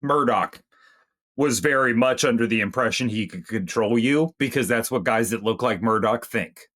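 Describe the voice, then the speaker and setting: A man's voice: mid-range voice, normal speed, fairly bright tone. Joking guy co-hosting a movie podcast, keeps doing little mock quotes. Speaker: movie review podcast co-host. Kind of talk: casual chat.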